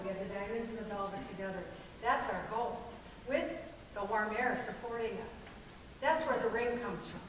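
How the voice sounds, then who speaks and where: A woman's voice: a little high, background noise. A middle-aged woman coaching a group in barbershop singing, explaining technique and demonstrating sounds with a joking manner. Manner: demonstrates sounds, jokes with the singers. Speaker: vocal coach. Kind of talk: barbershop vocal lesson to a group. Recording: very echoey hall, voice from far off.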